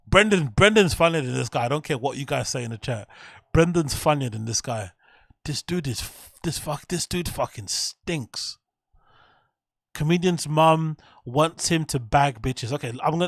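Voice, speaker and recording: A man's voice: fairly high pitch, expressive, moderate pace, creaky, fairly bright tone, no room sound, studio quality. A man hosting his own show, swearing and ranting in disbelief as he reacts to clips. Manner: profane, incredulous ranting. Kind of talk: casual livestream commentary.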